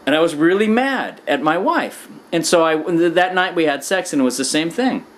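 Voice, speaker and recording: A man casually telling a rambling anecdote, full of "you know" and "like", acting out quoted lines with sudden pitch jumps. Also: expressive, moderate pace. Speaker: storyteller.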